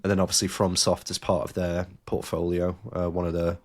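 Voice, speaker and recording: A man's voice: sits low, completely flat delivery, fairly quick. A man hosting a casual podcast, joking around and reading news stories aloud with his own asides. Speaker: podcast host. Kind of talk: casual chat.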